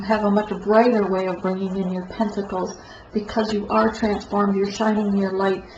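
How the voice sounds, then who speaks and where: A woman giving a rambling tarot card reading, with a stuffed-up nose and a halting, self-correcting way of talking. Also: mid-range voice, darkish tone. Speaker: tarot reader. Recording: echoey room, dull lo-fi sound, faint noise.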